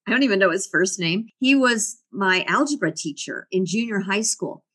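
A woman's voice: mid-range voice, lively intonation, moderate pace, a bit bright, husky. A middle-aged woman, a guest in an interview, reflectively telling personal stories and laughing often. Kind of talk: casual interview storytelling.

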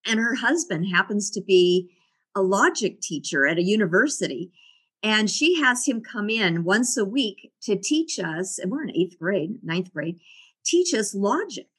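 A woman's voice: medium pitch, fairly bright tone, slightly rough. A middle-aged woman talking as an interview guest, reflective and often laughing. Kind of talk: casual interview conversation.

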